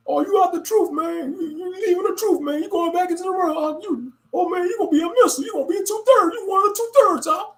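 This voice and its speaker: A man putting on the voice of a nagging male street-camp preacher who whines and shouts accusations. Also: very high-pitched, pitched above the performer's own voice. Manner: whiny, repetitive, shouting accusations.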